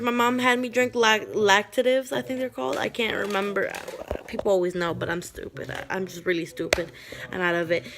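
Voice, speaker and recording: A woman's voice: mid-range voice, fairly bright tone. A young woman telling a personal story to the camera in a rambling, emotional way, raising her voice when she quotes others. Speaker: vlogger.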